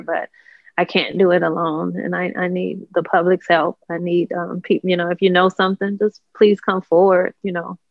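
A grieving relative of a crime victim, pleading softly for the public's help. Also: mid-range voice, no echo, muffled recording. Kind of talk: emotional interview plea.

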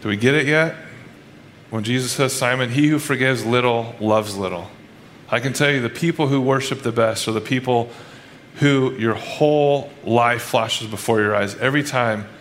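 A man's voice: mid-range voice, slight background noise. A male pastor giving a casual, conversational sermon, often restarting his sentences and acting out people's inner thoughts in quoted asides. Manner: conversational preaching with frequent restarts.

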